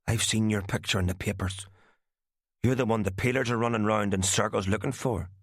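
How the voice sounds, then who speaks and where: A man voicing an adoring young woman who speaks in an eager, breathy way, read as an audiobook. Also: lowish voice, fairly even intonation, a little fast, dry recording, studio quality.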